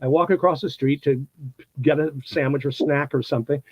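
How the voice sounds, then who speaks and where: A man in his sixties from the United States, an actor telling anecdotes in a casual interview, animated and laughing often, acting out what people said. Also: on the high side, fairly quick, slightly rough, no room sound, dull audio. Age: 60s. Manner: animated storyteller, acts out quotes, laughs often.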